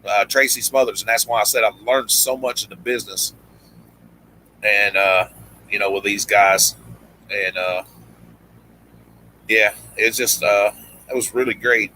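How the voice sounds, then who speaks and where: Casting: man, bright and forward voice, casual rambling storyteller who voices the people in his tales. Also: lowish voice, steady tone, a little slow, long pauses, a little hiss or hum, low-quality recording. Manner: rambling, many restarts, acts out quoted lines. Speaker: guest storyteller, former pro wrestler.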